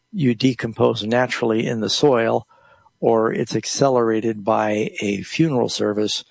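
A gravelly, slightly husky man answers listeners' Bible questions on a call-in radio program. He explains plainly and reads passages aloud, recorded close and dry in a studio. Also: mid-range voice, a little mellow, dry recording.

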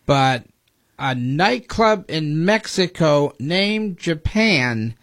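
A man's voice: a little high, expressive, very slow, fairly bright tone. A man co-hosting a morning radio show, blunt and sarcastic in the banter.

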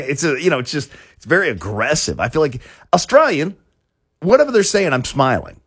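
A man's voice: mid-range voice, sing-song, brisk, fairly bright tone, breathy edge, no echo, clean studio sound. A man hosting a talk show, chatting casually in a rambling way with many restarts and chuckles. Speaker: show host.

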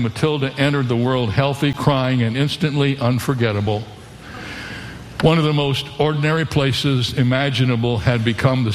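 A man's voice: mid-range voice, big-room sound. Earnest male radio preacher. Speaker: pastor. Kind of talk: radio sermon.

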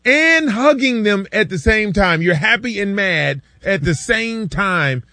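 A man co-hosting a sports talk show, telling stories in a casual, animated way and acting out his friends' lines. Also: high voice, unhurried, no echo. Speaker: sports radio co-host.

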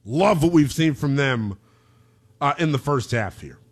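A man hosting a sports talk radio show, emphatic and slangy, with an excitable delivery. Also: mid-range voice, unhurried, husky.

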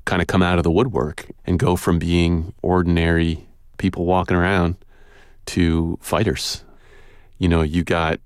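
A man telling a personal story in a relaxed, conversational way, with casual fillers and pauses. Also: low voice, no room sound. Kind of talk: personal story told aloud. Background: guitar music.

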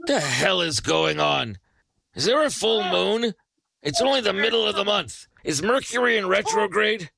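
A man's voice: high-pitched, lively intonation, moderate pace, vocal fry, bright, forceful tone, no echo. A man hosting late-night call-in radio, firing off dry, sarcastic wisecracks at a caller. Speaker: radio host.

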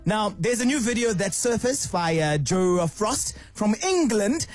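Male radio host, high husky voice, animated and opinionated delivery. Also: a little slow, soft background music. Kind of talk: casual radio chat.

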